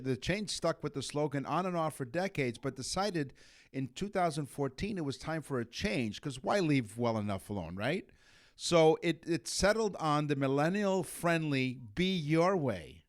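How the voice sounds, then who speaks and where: A middle-aged man from Canada co-hosting a trivia podcast, reading facts and cracking puns in casual chat. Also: fairly high pitch. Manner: jokey, reads trivia with puns. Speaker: podcast co-host.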